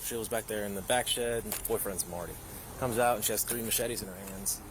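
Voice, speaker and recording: Police officer, man, calm and questioning, bodycam audio with clear background noise. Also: fairly low pitch, brisk.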